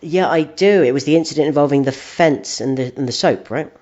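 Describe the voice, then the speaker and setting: A man's voice: on the high side, brisk, darkish tone. A man co-hosting a comedy podcast, carrying on a silly story in a dry, hesitant way. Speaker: podcast co-host. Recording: dull lo-fi audio with faint noise.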